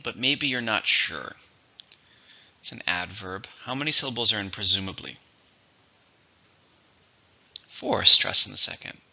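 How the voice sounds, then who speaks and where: A man teaching English vocabulary, going through each word methodically and repeating it slowly for its syllables and stress. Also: lowish voice, gravelly, pushed and bright, husky, dull audio. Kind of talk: vocabulary lesson.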